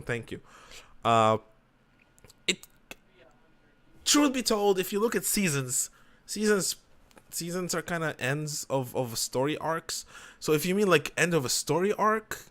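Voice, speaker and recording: A man co-hosting a casual chat show, excitable, teasing and quick to swear. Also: fairly high pitch. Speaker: co-host.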